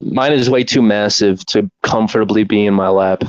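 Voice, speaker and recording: A young man co-hosting a casual podcast, joking around with deadpan, rambling humor. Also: fairly low pitch, normal speed, dry recording, dull audio. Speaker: podcast co-host. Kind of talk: casual chat.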